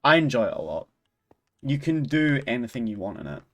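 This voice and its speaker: A man's voice: mid-range voice, big pitch swings, brisk, fairly bright tone. A Scottish man chatting casually with his viewers on a game stream, easygoing and self-deprecating, laughing often. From Scotland. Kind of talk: casual game livestream chat.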